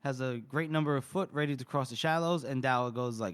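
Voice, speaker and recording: A man's voice: medium pitch, normal speed, clear, resonant tone. A man co-hosting a podcast, recapping a novel's chapter in casual chat and briefly voicing the characters' lines. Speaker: podcast co-host. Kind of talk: casual book-discussion chat.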